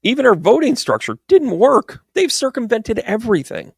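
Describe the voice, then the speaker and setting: A man's voice: extremely high pitch, big pitch swings, normal speed, creaky, slightly rough, dry recording, clean studio sound. A man giving a rambling, exasperated political commentary monologue with sarcastic asides. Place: New York.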